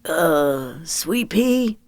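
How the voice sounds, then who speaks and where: A woman voicing a gentle, slightly sheepish middle-aged father who speaks in soft, soothing tones. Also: deep voice, very animated, very slow, no echo, clean studio sound, full character voice. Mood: hesitant.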